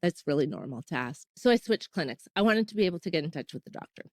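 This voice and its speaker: A woman's voice: low-pitched, expressive, fast, no room sound. A Canadian woman in her thirties, hosting a podcast and candidly recounting her personal fertility story in a casual, emotional way, often acting out what people said. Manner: candid, emotional retelling with quoted dialogue.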